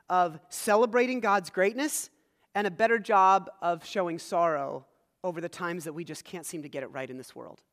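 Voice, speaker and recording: High-voiced male pastor in a hall. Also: normal speed. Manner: animated, swings between loud emphasis and soft low asides. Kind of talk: sermon.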